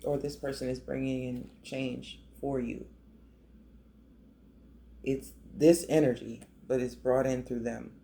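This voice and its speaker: A man with a gravelly, mellow voice gives a tarot reading in a loose, emotional, conversational way, often restarting his sentences. A faint hiss of background noise sits under his voice. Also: medium pitch, flat delivery, takes it slowly, pauses often. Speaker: tarot reader. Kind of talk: casual tarot reading to camera.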